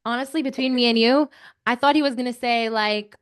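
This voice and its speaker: A young woman telling an animated story to children, chatty and excitable, with lots of filler words. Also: on the high side, a little fast, smooth.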